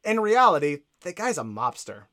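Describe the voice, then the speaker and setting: A man's voice: fairly high pitch, big pitch swings, normal speed, bright, forceful tone. A man in casual conversation about a video game, rambling with lots of fillers and asides.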